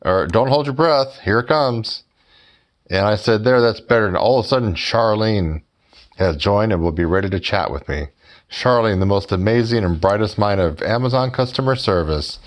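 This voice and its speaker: A man's voice: lowish voice, expressive, normal speed. A man telling a story to his viewers in a sarcastic, mocking way and speaking directly to them as folks. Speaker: YouTuber.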